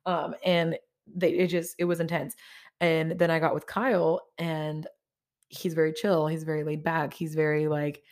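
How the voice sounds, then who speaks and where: A woman's voice: low voice, little pitch movement, normal speed, darkish tone. A woman hosting a podcast in casual confessional chat, rambling and candid with lots of swearing and self-mocking asides. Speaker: podcast host.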